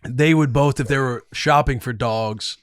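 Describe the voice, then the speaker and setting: A man's voice: mid-range voice, unhurried, smooth, no echo, studio quality. A man in his thirties co-hosting a podcast, easygoing and laughing along as he moves the talk toward the next guest. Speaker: podcast co-host. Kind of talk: casual chat.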